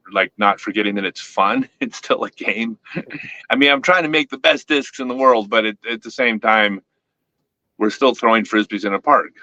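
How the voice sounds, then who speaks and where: A man's voice: lowish voice, pushed and bright, dry recording, muffled recording. A man hosting a casual interview, rambling with restarts and teasing playfully. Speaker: host, disc company owner.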